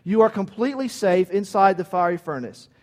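A man's voice: sits high, expressive, brisk, darkish tone, long reverb tail. A man preaching a sermon in an emphatic, conversational way, often checking in with "right?".

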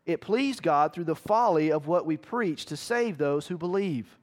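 Pastor, male, fairly high voice, emphatic sermon delivery that builds to loud peaks. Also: expressive, a little slow.

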